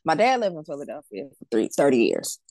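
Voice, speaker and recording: A woman in her forties, a death doula guest, telling a personal story in a casual, animated and emphatic way. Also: deep voice, quick pace, dry recording.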